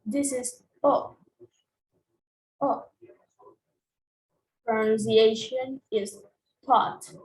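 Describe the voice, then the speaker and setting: Slow, deliberate woman teaching vowel sounds. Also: fairly high pitch, darkish tone. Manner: says each sound, then repeats it. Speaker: English pronunciation teacher. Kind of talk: slow, deliberate pronunciation lesson. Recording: echoey room, voice off-mic.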